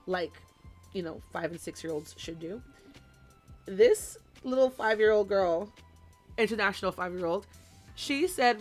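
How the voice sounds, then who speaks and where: A young woman who teaches small children, chatting casually and telling an animated story while she does a craft on a live stream. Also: medium pitch, unhurried. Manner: animated storytelling, mimics voices, chatty asides. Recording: soft background music.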